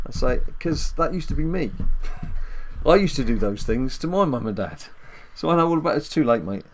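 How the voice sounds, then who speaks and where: A middle-aged man hosting a casual gaming video with his son, joking and teasing in lively banter. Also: fairly high pitch, moderate pace, slight background noise. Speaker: gaming channel host, dad.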